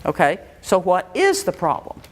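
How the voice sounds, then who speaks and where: A woman's voice: on the low side, wildly swooping pitch, normal speed. A woman educator giving an interactive workshop lecture, quizzing her audience with a string of questions in a room before a live audience.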